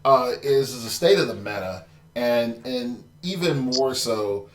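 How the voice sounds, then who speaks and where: A man's voice: medium pitch, animated, measured pace, heavy reverb, a little hiss or hum. A man hosting a casual gaming podcast, chatty and loose, with a glitch that makes his audio sound robotic. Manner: loose and chatty, lots of fillers. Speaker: podcast host.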